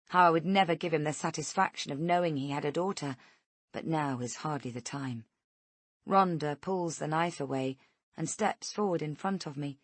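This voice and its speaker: A woman reading a tense first-person thriller in a steady storytelling voice. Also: low voice, no room sound. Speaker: audiobook narrator.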